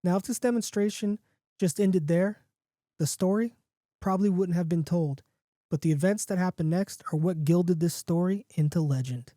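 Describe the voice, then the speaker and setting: A man's voice: high voice, moderate pace, dark tone, dry recording, studio quality. A man hosting a podcast, casually reading a comic horror story aloud with jokey asides. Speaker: podcast host.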